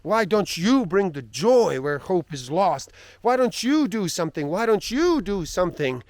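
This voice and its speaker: A man voicing a desperate, crying man who shouts pleading questions at God. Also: high voice, sing-song, unhurried, no room sound, studio quality, voice pushed up, full character voice. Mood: anguished pleading.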